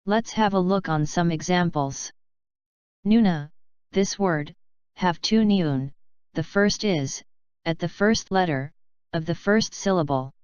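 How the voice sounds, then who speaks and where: Slow, deliberate woman teaching a lesson. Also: fairly low pitch, a little mellow, smooth, dry recording. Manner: slow, deliberate, spelling out rules. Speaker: language teacher. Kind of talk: step-by-step lesson narration. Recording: dull lo-fi dry sound.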